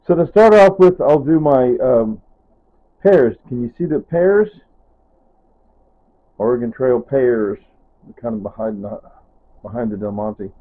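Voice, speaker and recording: A man's voice: medium pitch, measured pace, long pauses. A man talking casually to camera in his home kitchen, rambling and wandering off topic, often trailing off with "anyway" and "whatever.". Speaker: vlogger. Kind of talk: casual kitchen vlog narration. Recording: tinny phone-like sound.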